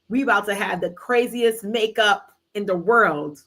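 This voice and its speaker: Female livestream host, casual book-chat delivery, lively slangy storytelling with teasing side comments. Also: medium pitch, a little slow, few pauses. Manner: animated, slangy retelling with playful asides.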